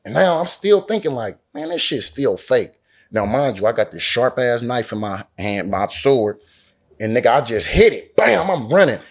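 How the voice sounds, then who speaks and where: A man's voice: medium pitch, moderate pace. A man from Oakland, an interview guest telling a story casually and animatedly, acting out the dialogue and swearing often. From Oakland, California. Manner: animated, acts out quoted dialogue, heavy slang and swearing. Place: lounge in a Las Vegas resort.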